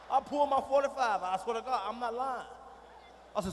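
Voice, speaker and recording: A middle-aged man doing a profane stand-up comedy routine on a big arena stage, dropping from low muttering to shouting. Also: expressive, fast talker, slight background noise. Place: large arena stage with audience. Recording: live hall recording with reverb.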